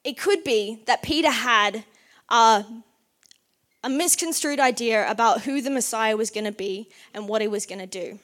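Woman, preacher, casual sermon, chatty, says like a lot, slightly high voice. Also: normal speed, a bit bright. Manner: chatty, uses "like" often, acts out quotes.

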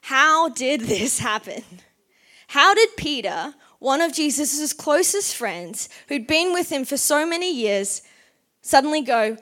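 Chatty woman preaching, higher-pitched. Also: lively intonation, takes it slowly, pushed and bright. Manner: chatty, uses "like" often, acts out quotes. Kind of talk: casual sermon.

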